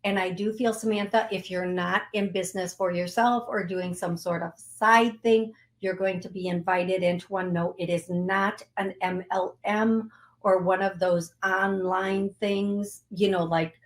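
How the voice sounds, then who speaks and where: A woman in the middle of her range speaks very slowly as she guides an energy clearing. Her tone is soothing and affirming, and she repeats short phrases as she works. The pacing is unhurried throughout. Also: medium pitch, steady tone. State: briefly tearful. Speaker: psychic medium show host.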